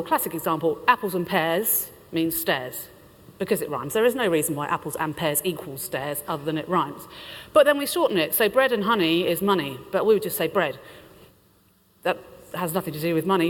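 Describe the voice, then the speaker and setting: A woman with a British accent giving a chatty, playful talk to a conference audience. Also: lowish voice. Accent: British English. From United Kingdom. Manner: chatty and playful, laughs between lines. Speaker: conference speaker. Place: large conference hall. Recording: reverberant conference hall.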